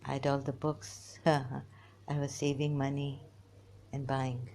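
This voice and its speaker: A woman talking to her viewers in a rambling personal monologue, halting and giggly, often restarting and trailing off. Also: very deep voice, flat delivery, darkish tone, a little hiss or hum. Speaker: vlogger.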